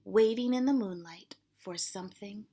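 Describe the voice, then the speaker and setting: A woman elementary school teacher reading a picture book aloud with expressive storytelling and voiced sound effects. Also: medium pitch, moderate pace, slight background noise.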